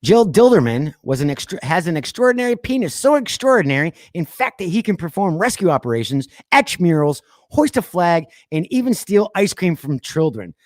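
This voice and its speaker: A man hosting a podcast, reading odd news stories aloud and breaking off into sarcastic asides, laughs and deliberate quiet pauses. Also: high-pitched, big pitch swings, no echo, studio quality. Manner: reads news items then riffs with sarcastic asides and laughs; drops to quiet voice for dramatic pauses. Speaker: podcast host. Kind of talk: casual news commentary.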